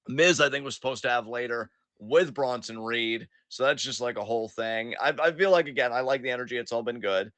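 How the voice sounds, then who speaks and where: A man's voice: mid-range voice, a bit bright, smooth, dry recording. A man co-hosting a casual wrestling recap podcast, swearing freely and sarcastically acting out what the wrestlers said. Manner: profane, sarcastic, acts out quotes. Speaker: podcast co-host.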